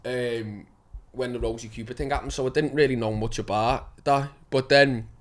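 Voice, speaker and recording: Young scouse-sounding guy chatting loose, lots of swearing, average pitch. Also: normal speed. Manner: swears a lot, rambling and animated with laughter. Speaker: actor guest. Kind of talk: casual chat.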